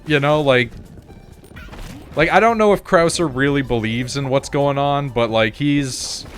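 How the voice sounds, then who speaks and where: A man's voice: medium pitch, unhurried, soft background music. A man streaming a game, chatting casually in a rambling way, with frequent restarts, laughs and casual swearing. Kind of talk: casual chat while gaming.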